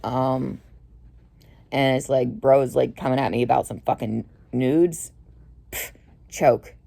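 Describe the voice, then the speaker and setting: A young woman telling a rambling, swear-heavy story to camera, mostly low-key and tired with sudden heated outbursts. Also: fairly even intonation, a little slow, creaky, dark tone. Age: young adult. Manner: swears a lot, rambling with many fillers. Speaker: vlogger. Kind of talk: casual storytelling rant.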